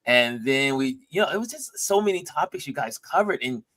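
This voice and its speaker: Man, live stream host, casual chat, animated storyteller, dry close sound. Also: mid-range voice, a little fast, no echo. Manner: animated storyteller, acts out others' lines.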